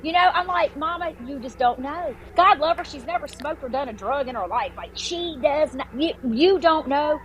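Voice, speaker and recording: Animated woman telling a story. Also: high voice, normal speed, few pauses, a little hiss or hum, poor audio. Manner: animated, swearing, many restarts and filler words. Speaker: podcast guest. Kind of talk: casual storytelling.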